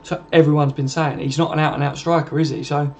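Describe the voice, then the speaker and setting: A man's voice: on the high side, little pitch movement, fast, a little mellow, slight background noise. A man hosting a casual football livestream, chatting and answering viewer comments in a matey, informal way. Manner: chatty, matey, calls everyone mate.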